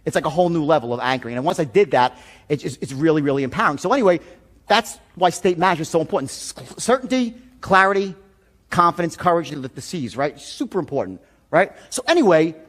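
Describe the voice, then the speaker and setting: High-voiced man telling a rowdy seminar story. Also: fast talker. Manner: animated, profane, swings from loud bursts to low asides. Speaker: sales and persuasion trainer.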